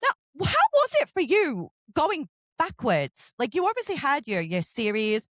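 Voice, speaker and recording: A woman from England with a southern English accent, hosting a casual interview, animated and often laughing. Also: high-pitched, moderate pace, dry recording. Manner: giggly, animated storyteller. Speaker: interview host.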